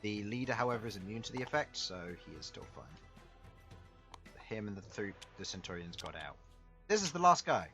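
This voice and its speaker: Lively man running a tabletop game. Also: fairly low pitch, a little fast, gravelly, music in the background. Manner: lively, laughs often while narrating. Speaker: dungeon master.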